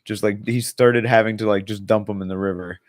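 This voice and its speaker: A man's voice: on the low side, fairly even intonation, brisk, no room sound, studio quality. A young man co-hosting a podcast, rambling in casual chat with lots of filler words and swearing. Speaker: podcast co-host.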